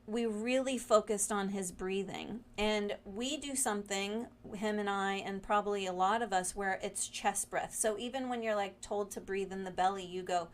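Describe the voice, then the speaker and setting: Woman, spiritual guide type, soft rambling delivery full of "um" and "like", reflective weekly card talk. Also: mid-range voice, moderate pace, hardly any pauses. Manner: gentle, meandering, with many fillers and restarts. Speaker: spiritual guide reading weekly oracle cards.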